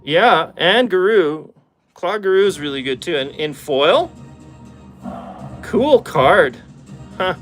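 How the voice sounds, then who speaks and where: A Canadian man with an Alberta accent talks slowly and easily while opening packs for his viewers. His voice sits a bit high, and he laughs softly between comments. Faint music plays behind him. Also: expressive. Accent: Albertan Canadian English. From Calgary, Canada. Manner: laid-back, chuckles often, talks to chat viewers. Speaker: card-opening YouTuber. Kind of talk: casual pack-opening chat.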